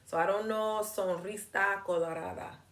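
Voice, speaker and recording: A woman's voice: medium pitch, fairly even intonation, moderate pace, a bit bright, roomy sound. A woman reading a picture book aloud to children, patiently teaching words and hand signs as she goes. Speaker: children's story reader and teacher.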